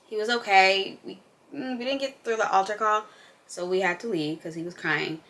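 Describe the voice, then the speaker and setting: A woman's voice: medium pitch, moderate pace, sharp tone. A young woman vlogger and mom in an unscripted casual chat, candid and emphatic, rambling as she goes.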